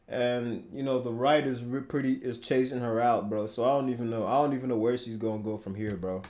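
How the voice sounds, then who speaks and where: A man's voice: medium pitch, steady tone, brisk, darkish tone. A man reacting to clips on his stream, slangy, blunt and profane in casual commentary.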